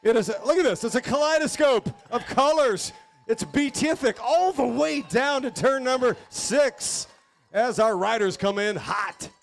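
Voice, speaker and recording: A man's voice: very high voice, lively intonation, unhurried, vocal fry. A man co-calling a street bike race outdoors, with flowery, dramatic wording. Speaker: race announcer. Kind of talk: live race commentary.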